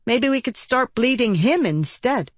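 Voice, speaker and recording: Woman doing a sardonic young woman magician, curt, higher than her reading voice, slow, dry. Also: expressive, no room sound. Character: tired, sharp-tongued young woman magician.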